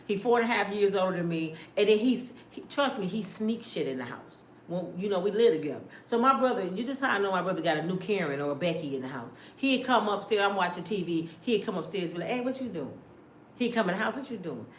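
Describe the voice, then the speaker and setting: Woman, middle-aged, sassy gossip commentary, lively swooping pitch, echoey room. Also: fast, few pauses, a little hiss or hum. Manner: loud, sassy, rants with acted-out quotes. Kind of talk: casual celebrity gossip commentary.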